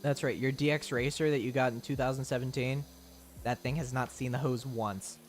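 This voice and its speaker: A young streamer chats casually with viewers in a mid-range voice, fairly even in intonation and fairly quick. He rambles and jokes, answering chat with frequent laughs, while faint music plays behind.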